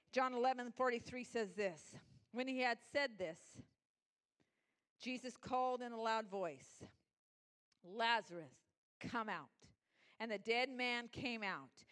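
A woman preaching with a fairly high voice. She moves between hushed, low passages and fervent, rising proclamations, repeating her key lines for emphasis. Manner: drops to low, soft intensity. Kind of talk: sermon.

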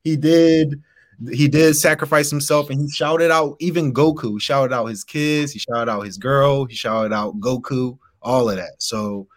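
A man's voice: mid-range voice, a little slow. Laid-back rambling man making his case. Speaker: debater. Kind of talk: casual debate argument.

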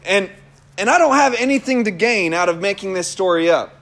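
High-voiced man preaching with animated stories. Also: brisk. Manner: animated storyteller who laughs often. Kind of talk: sermon with personal testimony.

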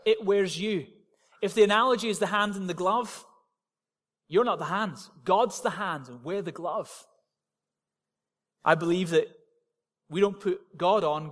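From the front of a church, a pastor hammers his points home with short, emphatic, repeated declarations. His voice is high for a man, and the sound rings with the long reverb of a large hall.

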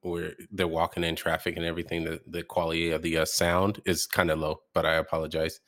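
Low-voiced man reacting with amusement. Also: completely flat delivery, a little fast, a bit bright. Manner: laughs often, amused and incredulous. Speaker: podcast host reacting to clips. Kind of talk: casual commentary.

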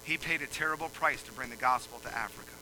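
A male pastor preaching a sermon, moving from quiet explaining to loud, emphatic preaching. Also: mid-range voice, fast talker, background noise.

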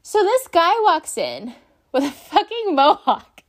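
A young woman, a former shift supervisor, telling work stories in a casual, animated way, swearing freely and acting out the people involved. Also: very high-pitched, takes it slowly. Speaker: vlogger, former coffee shop shift supervisor. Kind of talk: casual storytelling rant.

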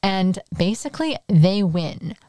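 A woman's voice: mid-range voice, animated, unhurried, mellow, dry recording, studio quality. A woman co-hosting a podcast, chatting casually about a film with wry asides. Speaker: podcast co-host. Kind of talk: casual movie recap chat.

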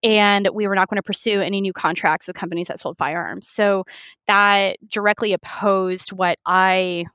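A woman from Houston, Texas, a professional competitive shooter talking as a guest in a casual interview, chatty and animated, with lots of fillers. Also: medium pitch, normal speed, dry recording, muffled recording. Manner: chatty and animated, laughs often, many fillers.

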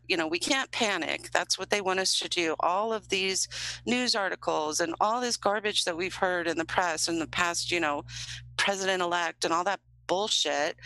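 A woman co-hosting a casual political chat, talking in an emphatic, heated way with quick restarts. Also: on the low side, pushed and bright, no room sound, low-quality recording. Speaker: podcast co-host.

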